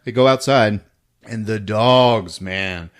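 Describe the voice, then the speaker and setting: A man hosting a podcast, casually recapping a film scene by scene, laughing often and acting out the characters' lines in squeaky voices. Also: slow pace. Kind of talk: casual movie recap chat.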